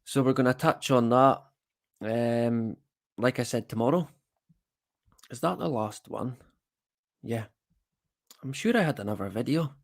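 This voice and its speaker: A man's voice: mid-range voice, a little slow, long pauses. A Scottish man hosting a livestream, chatting casually to viewers with self-deprecating, rambling asides. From Scotland. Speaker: livestream host.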